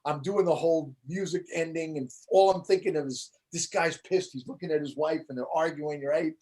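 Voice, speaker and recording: A man from the United States with a slightly high voice talks fairly quickly. As a comedian guesting on a casual interview, he tells anecdotes in an animated way, acting out the voices of the people in them.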